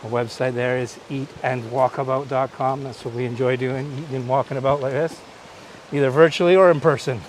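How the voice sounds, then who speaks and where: A man's voice: medium pitch, fairly even intonation, a little fast, slight background noise. A Canadian-raised man hosting a live-streamed walking tour outdoors on a coastline, chatting and pointing out the sights as he walks. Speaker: host.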